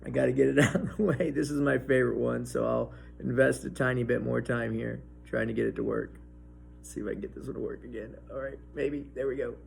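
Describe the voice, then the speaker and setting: A man hosting a casual science demonstration and pep talk, excitable and enthusiastic, often breaking into laughs. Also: mid-range voice, fast, creaky, slight background noise. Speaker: science video host.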